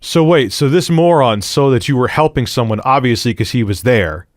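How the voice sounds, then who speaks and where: A man's voice: medium pitch, normal speed, dry recording, studio quality. A man hosting a casual interview, reacting bluntly and with profanity. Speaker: interview host.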